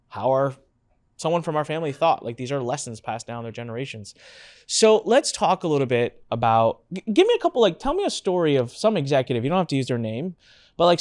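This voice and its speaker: A man hosting a podcast interview, telling a personal story with animated voices for his family. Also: mid-range voice, no room sound, clean studio sound. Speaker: podcast host.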